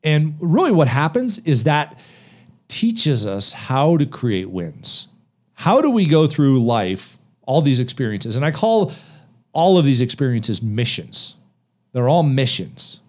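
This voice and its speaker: A man talks with a lively, swooping voice that rises and falls a lot as he drives his points home. He asks himself questions and answers them. It is the energetic delivery of motivational podcast talk. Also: medium pitch, takes it slowly. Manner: emphatic, animated, rhetorical questions. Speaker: podcast guest author.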